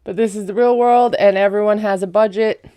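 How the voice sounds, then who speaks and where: A woman's voice: medium pitch, steady tone, brisk, mellow, clear, resonant tone, no echo. A woman giving a casual, chatty recap of a reality show, full of sarcastic asides.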